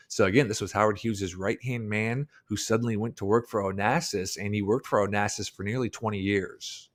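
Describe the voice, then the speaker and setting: A man delivers scripted narration in a fairly low voice. He lays out the story steadily and leans on key turns. The pacing stays even and measured. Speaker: documentary narrator.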